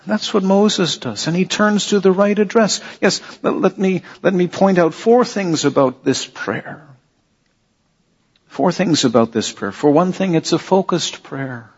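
A man preaching an earnest sermon, with a voice pitched a little high and a husky edge. He speaks slowly and leans on repeated phrases and rhetorical questions. The recording is dull and lo-fi. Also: big-room sound.

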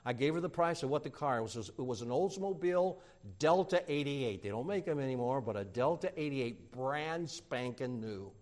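Animated pastor telling a sermon story. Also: male voice, mid-range voice, moderate pace. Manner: animated storyteller acting out quoted voices.

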